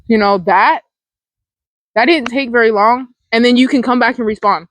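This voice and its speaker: A woman's voice: on the high side, fairly bright tone, dry recording, low-quality recording. Casual, rambling woman mindfulness host. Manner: rambling, full of "like" fillers and casual swearing. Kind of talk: casual motivational talk.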